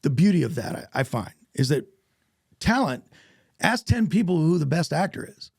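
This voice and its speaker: A man with a Southern American accent, an actor guest talking earnestly in a casual interview, with a gravelly, husky voice. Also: a little high, moderate pace, no room sound, studio quality. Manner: earnest, animated storytelling with self-corrections.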